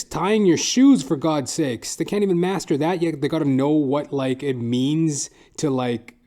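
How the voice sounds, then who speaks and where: A man hosting a comedy podcast, rambling and swearing through a solo monologue. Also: warm tone. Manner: profane, rambling, jumps into high silly voices. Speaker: podcast host.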